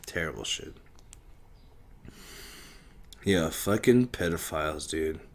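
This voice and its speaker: A man's voice: a bass voice, expressive, takes it slowly. A man hosting a casual solo podcast, rambling in a profane, laid-back way. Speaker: podcast host.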